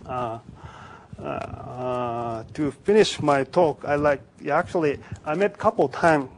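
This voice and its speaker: Halting male physicist giving a lecture. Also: medium pitch, slight background noise, rough recording. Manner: halting, many restarts and pauses. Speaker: physicist giving a symposium talk. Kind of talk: conference lecture. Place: symposium lecture room.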